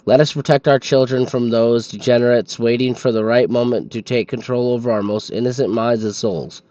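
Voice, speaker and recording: A man's voice: medium pitch, fairly even intonation, brisk, dark tone, highs cut off. A man streaming a game, reading its in-game documents aloud in a sleepy manner and stumbling over foreign names.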